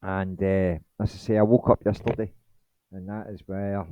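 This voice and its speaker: A man's voice: deep voice, level tone, moderate pace, warm tone, no echo, dull audio. A man hosting his channel in a rambling late-night monologue, blunt and swearing, with many ums. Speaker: channel host.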